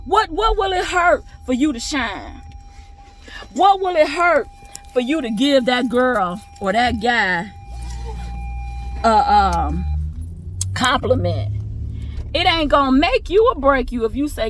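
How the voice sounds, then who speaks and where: Lively high-voiced woman preaching encouragement. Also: slow pace, pauses often, faint music behind. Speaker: faith vlogger. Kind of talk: casual inspirational talk to viewers.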